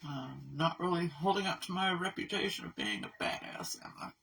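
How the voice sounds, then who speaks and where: A woman's voice: on the low side, lively intonation, brisk, fairly bright tone, far from the mic, slight background noise, low-quality recording. A middle-aged woman who runs an animal rescue, talking in a casual video update, emotional and rambling, poking fun at herself. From Kentucky. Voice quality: gravelly, husky. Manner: emotional, tearful, rambling and self-deprecating.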